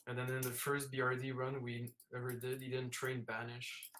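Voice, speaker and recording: A man's voice: medium pitch, normal speed, a little hiss or hum. A young man chatting casually over a headset while raiding in an online game, laid-back and dry. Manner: flat, laid-back, says "man" a lot. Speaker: raid streamer. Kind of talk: casual gaming voice chat.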